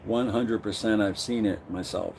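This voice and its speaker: A man's voice: on the low side, fairly even intonation, normal speed, vocal fry, darkish tone, a little hiss or hum. A middle-aged man hosting a casual live stream, greeting viewers by name and reading their comments aloud.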